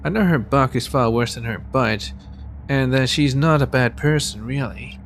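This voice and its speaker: A man's voice: medium pitch, moderate pace, slight background noise. A man casually commenting on a story game, reading dialogue aloud, joking and restarting his sentences. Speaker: gamer playing through a story game.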